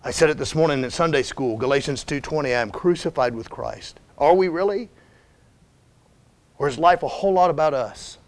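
A man's voice: fairly high pitch, a little fast. A man preaching a sermon in a church as a visiting missionary, emphatic and conversational, urging his listeners with "listen" and "come on now". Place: church sanctuary.

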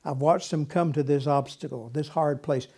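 A man's voice: fairly high pitch, steady tone, moderate pace, mellow, breathy edge. A man preaching a sermon in a folksy way, repeating words and acting out whiny voices, with a congregation answering. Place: church with congregation responding.

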